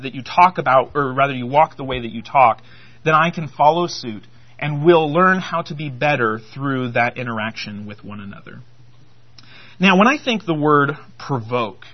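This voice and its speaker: A man giving a conversational sermon, animated and loose, with frequent restarts and fillers. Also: fairly high pitch. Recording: dull lo-fi sound.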